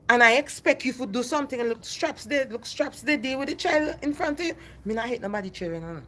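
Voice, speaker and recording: A woman's voice: fairly high pitch, lively intonation, quick pace, hardly any pauses, fairly bright tone. A middle-aged woman, ranting passionately on a phone livestream and repeating herself. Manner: impassioned, repetitive, addresses viewers by name. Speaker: livestream host.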